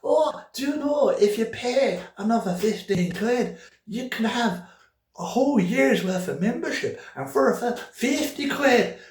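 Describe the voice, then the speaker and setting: Man doing a high-pitched, endlessly talkative Scottish woman on a phone line, overly friendly. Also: lively intonation, measured pace, darkish tone, reverberant, recorded from a distance. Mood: chatty. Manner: overly friendly, sing-song, keeps chatting.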